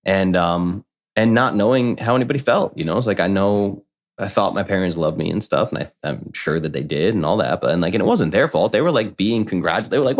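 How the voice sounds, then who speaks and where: A man in his thirties, a podcast guest, telling a personal story in casual conversation, candid and animated, acting out what others said. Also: low voice, brisk. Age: 30s. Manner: candid, animated, quotes people in lively voices.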